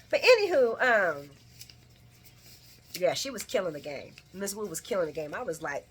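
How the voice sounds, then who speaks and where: A woman's voice: on the low side, big pitch swings, normal speed, long pauses, slight background noise. A woman giving a casual recap of a soap episode, chatty and slangy, laughing often. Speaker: soap opera recap vlogger.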